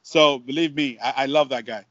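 A man's voice: mid-range voice, moderate pace, dry recording. A man from Mexico, a baseball broadcaster telling stories in a casual interview with lots of restarts and repeats. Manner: animated storyteller, many restarts and repeats. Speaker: Spanish-language baseball broadcaster. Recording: dull lo-fi dry sound.

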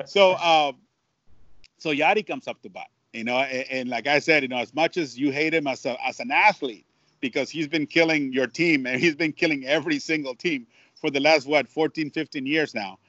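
A man's voice: fairly high pitch, normal speed, no echo. A man from Mexico, a baseball broadcaster telling stories in a casual interview with lots of restarts and repeats. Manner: animated storyteller, many restarts and repeats. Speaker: Spanish-language baseball broadcaster. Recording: dull lo-fi dry sound.

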